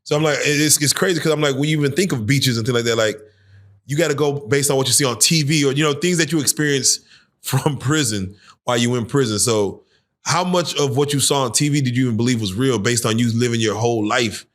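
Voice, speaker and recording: A man's voice: mid-range voice, fast. A man hosting a casual interview, asking curious and reflective questions. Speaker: podcast host.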